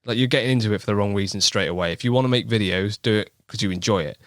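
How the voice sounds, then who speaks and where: A man's voice: on the low side, rapid-fire, no room sound, clean studio sound. A man with a West Country accent, a guest in a casual podcast chat, talking in an easygoing, thoughtful way and laughing often. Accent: West Country English. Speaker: podcast guest, angling video maker.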